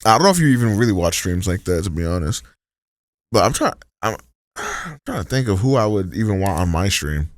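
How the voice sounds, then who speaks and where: A man's voice: on the low side, very animated, brisk, no room sound, studio quality. A man streaming live, chatting casually in a rambling, profane, slang-heavy way as he reacts to videos.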